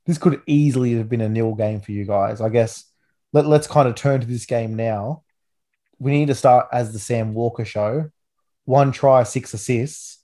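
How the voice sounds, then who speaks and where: Excited young Australian sports podcaster. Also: male voice, medium pitch, moderate pace. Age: 20s. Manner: enthusiastic, rambling with restarts. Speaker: podcast host. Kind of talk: casual sports chat.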